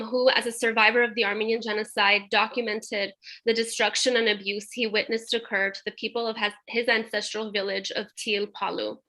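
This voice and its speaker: Woman with kinda high voice moderating a webinar, reading the intro, some ums. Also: bright, forceful tone. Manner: reads an introduction, some fillers.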